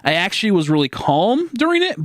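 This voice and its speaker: A man livestreaming a game and telling a story at a loose, rambling pace. His voice sits a little higher than most men's. The sound is dry and close, and he swears freely and breaks into laughter often. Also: huge pitch swings, a little fast, a bit bright, no room sound. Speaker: streamer.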